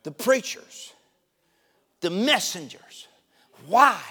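Fervent high-voiced male preacher. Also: expressive, slow, long pauses, big-room sound. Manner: fervent, often shouting calls to the congregation. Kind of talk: sermon. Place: church.

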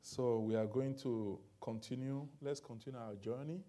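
A man's voice: mid-range voice, moderate pace, mellow. A man preaching in a church, opening with a fervent prayer and then building to emphatic preaching.

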